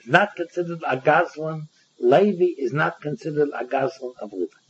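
A man giving a Talmud lecture, animated, acting out both sides of the case. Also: a little high, moderate pace, breathy edge. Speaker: Talmud teacher. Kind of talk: Talmud lecture in Yeshivish English. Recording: dull lo-fi recording.

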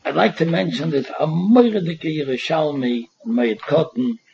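A man's voice: fairly high pitch, moderate pace, creaky, darkish tone, a little hiss or hum. A man giving a Torah lecture, emphatic and repetitive with a sing-song study cadence. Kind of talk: Talmud lecture mixing Yiddish and Hebrew terms. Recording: dull lo-fi recording.

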